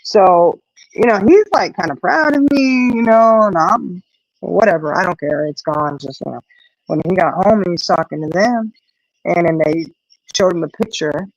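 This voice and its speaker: Middle-aged woman, casual live-stream chat, lively storyteller, dry lo-fi sound. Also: fairly low pitch, normal speed, dry recording. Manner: animated storyteller, acts out quoted voices, frequent "you know".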